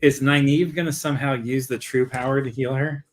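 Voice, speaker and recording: A man's voice: medium pitch, steady tone, brisk, slight background noise. A man co-hosting a casual book discussion, chiming in with short remarks and musing questions. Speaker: podcast co-host.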